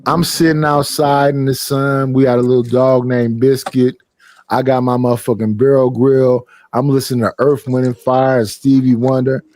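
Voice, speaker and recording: On a casual podcast, a male host tells stories with energy, acts out other people in a raised voice, and swears freely. His mid-range voice is a little mellow, delivered flatly at a normal speed. The recording has no room sound.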